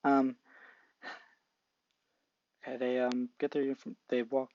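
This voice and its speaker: A young man narrating an improvised fan story in a halting, casual way with many restarts. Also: medium pitch, monotone, darkish tone, no room sound. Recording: dull lo-fi mic.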